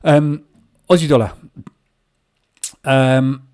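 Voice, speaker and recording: A man's voice: medium pitch, fairly even intonation, extremely slow, darkish tone. Man, host of a live trading room; loose, rambling commentary with plenty of ums, mid-range voice. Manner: casual, rambling, many filler ums.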